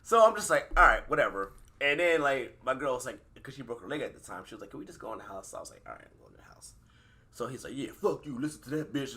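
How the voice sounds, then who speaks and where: A man co-hosting a casual podcast, laughing and acting out the people in his stories. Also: medium pitch. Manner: laughing, animated storyteller acting out quotes. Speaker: podcast co-host. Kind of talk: casual chat.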